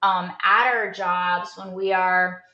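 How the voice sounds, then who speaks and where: Bright-voiced woman coach, echoey room. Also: lowish voice, fairly even intonation, slow, muffled recording. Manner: earnest storytelling with many restarts and fillers. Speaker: performance coach. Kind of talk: casual motivational talk.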